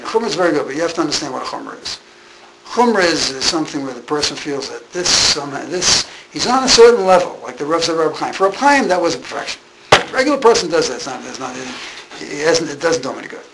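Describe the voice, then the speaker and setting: Gravelly-voiced man teaching Torah. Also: a little high, very noisy. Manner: repetitive, emphatic, restarts phrases. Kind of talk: informal Torah class.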